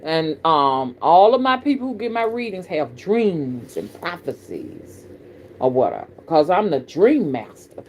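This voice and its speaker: Animated Southern woman talking to viewers. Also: low-pitched, unhurried, a little hiss or hum. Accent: Southern American. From American South. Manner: folksy, animated, addresses viewers as y'all. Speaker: spiritual reader and channel host. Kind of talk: casual live-stream talk.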